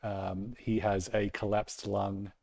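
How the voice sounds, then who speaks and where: A man running a tabletop role-playing game as game master, calmly describing what happens. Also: on the low side, slow, vocal fry. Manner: calm, matter-of-fact narration.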